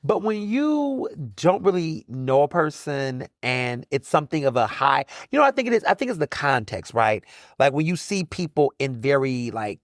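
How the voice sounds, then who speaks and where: A man talks through his own solo podcast in a loose, chatty, slangy way, full of quick asides. His pitch swings widely up and down as he goes. The sound is close and dry, with no room around it. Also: big pitch swings, no echo. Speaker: podcast host. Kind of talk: casual solo podcast monologue.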